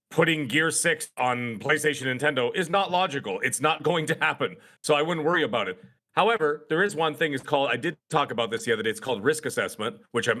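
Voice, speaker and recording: A man's voice: mid-range voice, pushed and bright. A middle-aged man appearing as a guest on a casual podcast, making his points emphatically and repeating words for effect.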